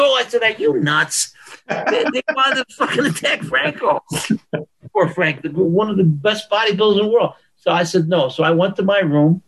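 A former pro bodybuilder, guesting in an interview, tells stories with animation and acts out what people said. His voice is high with vocal fry and a slight roughness, at a moderate pace, on a low-quality recording.

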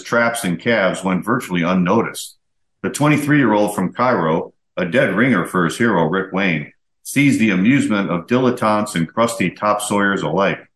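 A man with a low, deep voice reads old magazine pieces aloud as a podcast host. His delivery is steady and measured, and the room adds a noticeable echo. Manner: steady, measured storytelling read. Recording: roomy echo.

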